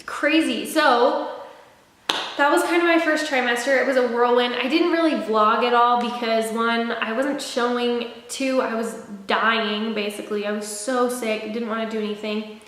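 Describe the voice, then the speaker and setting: A young woman talks through a casual pregnancy update in a fairly high voice, rambling with lots of fillers and restarts. She sounds a little short of breath. The room is very echoey, and a long reverb trails after her words. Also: steady tone, normal speed, a bit bright, slight background noise. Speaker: vlogger.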